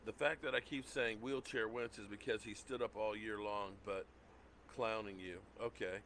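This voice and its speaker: A man's voice: fairly low pitch, steady tone, normal speed, fairly bright tone, a little hiss or hum. Worked-up man ranting on a livestream. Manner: worked-up, repeats himself. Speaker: sports livestream host. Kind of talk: heated rant.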